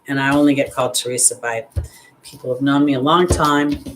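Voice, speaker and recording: Low-voiced chatty woman reading cards. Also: steady tone, fairly quick, noisy background. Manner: chatty, rambling, laughs at herself when nervous; talks straight to viewers by name. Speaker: intuitive astrologer and card reader. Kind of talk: casual live tarot and angel card reading.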